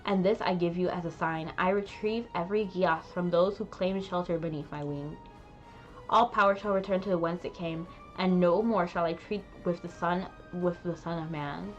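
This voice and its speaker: A woman voicing a solemn, ancient divine female spirit in a game, speaking in slow, grave, formal proclamations. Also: on the low side, fairly even intonation, dull audio, faint music behind, natural voice. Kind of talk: reading game dialogue aloud.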